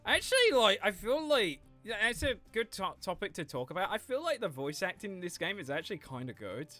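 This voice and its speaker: A livestreamer talks to chat in a loose, animated way and laughs often. The voice is bright and lively, with pitch swinging widely. Faint music sits under the desk-mic voice. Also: brisk. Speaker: gaming livestreamer. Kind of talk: casual livestream commentary.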